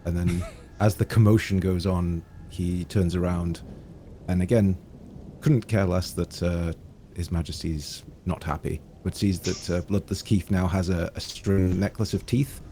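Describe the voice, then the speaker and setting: Deep, mellow British man playing. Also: fairly even intonation, a little slow, slight background noise. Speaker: player. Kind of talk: tabletop role-play.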